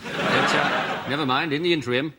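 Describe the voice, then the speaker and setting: A man's voice: on the high side, a little fast. A man on a comedy panel show improvising wry mock commentary over news footage. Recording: loud noise behind.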